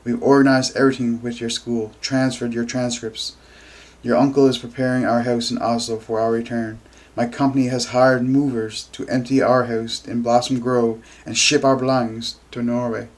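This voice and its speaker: A man voicing a stern but patient middle-aged father who explains things calmly. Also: mid-range voice, normal speed, natural voice. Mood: firm.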